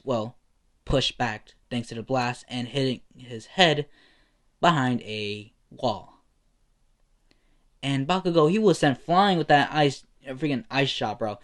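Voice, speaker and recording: A young man narrating a homemade fan story off the cuff. His pitch sits in the middle range, and he talks in a rambling, slangy way with many fillers. It sounds relaxed and unpolished.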